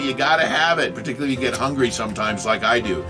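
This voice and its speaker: A man in his sixties talks through a religious video lesson in a middle-pitched voice, wandering off topic and circling back with self-corrections. His delivery is loose and conversational, and faint guitar music plays beneath it. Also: animated, quick pace, hardly any pauses. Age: 60s. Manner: rambling, self-correcting, apologetic asides. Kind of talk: rambling video lecture.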